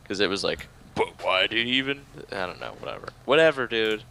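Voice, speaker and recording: A man's voice: lowish voice, animated, fairly quick, sharp tone, slight background noise. A man co-hosting a podcast in casual chat, talking loosely, swearing and laughing readily. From United States. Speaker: podcast co-host.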